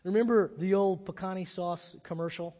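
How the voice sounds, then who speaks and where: A man's voice: sits high, steady tone, moderate pace, warm tone. Man preaching in a reverberant hall. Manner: conversational, thoughtful preaching. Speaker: pastor. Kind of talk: sermon.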